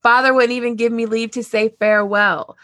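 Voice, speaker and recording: A woman's voice: a little high, fairly even intonation, fairly quick, pushed and bright. A woman reading as a pleading young noble girl. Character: naive young noble girl, eager to please.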